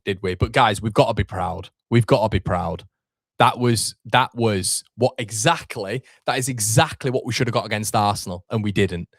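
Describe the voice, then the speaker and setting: A young man with a lowish voice hosts a live watchalong for fans, talking to his chat. He sounds frustrated and swears as he reacts. The recording is clean studio sound with no echo.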